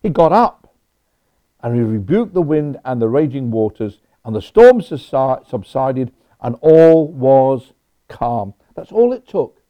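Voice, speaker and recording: A man's voice: mid-range voice, big pitch swings, a little slow. A man preaching a sermon in a conversational way, with personal asides. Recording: dull lo-fi recording.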